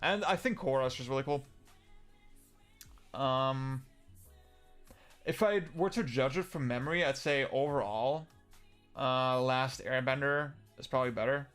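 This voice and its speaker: A man's voice: medium pitch, a little slow, pauses often, a bit bright, clear, resonant tone, faint music behind. A young man chatting casually on a livestream, answering viewer comments in a rambling way, with lots of fillers, restarts and casual swearing. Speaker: livestream host.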